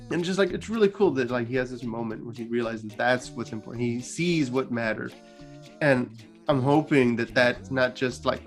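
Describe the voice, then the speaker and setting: A man hosting a gaming channel, retelling a story casually and chattily, with lots of filler words. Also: mid-range voice.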